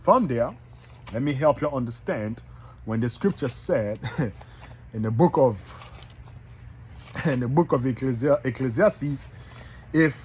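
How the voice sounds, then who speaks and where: A man's voice: mid-range voice, husky. A man preaching to an audience, emphatic and repetitive, addressing his listeners directly.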